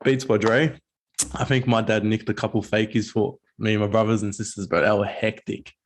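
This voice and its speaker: A man's voice: fairly low pitch, steady tone, brisk. A man with an Australian accent hosting a casual podcast, mostly answering with short, laid-back replies. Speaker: host. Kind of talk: casual chat.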